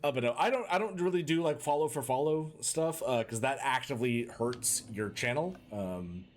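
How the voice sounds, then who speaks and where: A man's voice: medium pitch, lively intonation, moderate pace. A man streaming a video game live in a put-on Boston and New York accent, chatting with his viewers and tossing out mock-tough asides as he plays. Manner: chatty, talks to chat while playing, mock-tough asides. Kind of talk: live gaming commentary.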